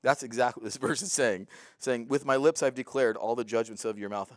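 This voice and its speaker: A man's voice: medium pitch, fairly quick, no room sound. Male Bible teacher, earnest and fervent, mid-range voice, dry recording. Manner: earnest, preacherly, rises to excited fervor. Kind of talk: verse-by-verse Bible lesson.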